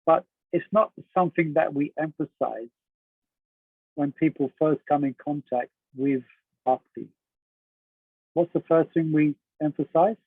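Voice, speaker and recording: A man's voice: fairly high pitch, unhurried, pauses often, breathy edge, dry recording. A man teaching a class on a devotional text in a conversational way, asking his students questions and laughing often. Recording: dry, narrow phone-like sound.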